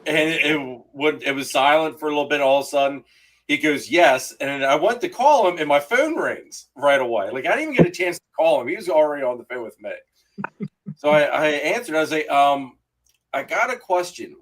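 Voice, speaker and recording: A man's voice: a little high, brisk, rough recording. A man co-hosting a casual podcast, telling a story and acting out both sides of the conversation. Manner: animated storyteller who acts out dialogue. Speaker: podcast co-host. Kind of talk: casual chat.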